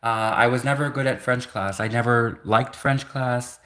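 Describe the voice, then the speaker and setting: A man in his thirties hosts a livestream, his medium-pitched voice sharp in tone and moving at a moderate pace. He rambles casually, restarting often, leaning on "like" as a filler, and laughing between thoughts.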